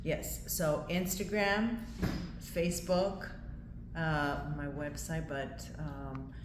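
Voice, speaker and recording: A woman's voice: low-pitched, steady tone, slow. A woman guest who owns a spin studio, talking casually and in detail, laughing easily. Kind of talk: casual interview chat. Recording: echoey room with light noise.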